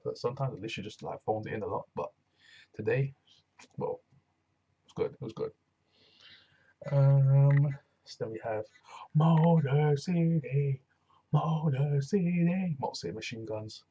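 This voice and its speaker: A man's voice: mid-range voice, huge pitch swings, normal speed, long pauses, warm tone, breathy edge, dull audio. A man casually recapping a wrestling show, rambling and often saying "you know what I'm saying".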